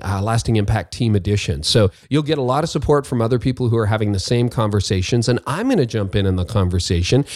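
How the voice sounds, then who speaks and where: A man's voice: lowish voice, a little mellow, dry recording, clean studio sound. A middle-aged man hosting a podcast, chatty and upbeat, with frequent fillers. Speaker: podcast host. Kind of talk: podcast ad read and interview. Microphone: video call.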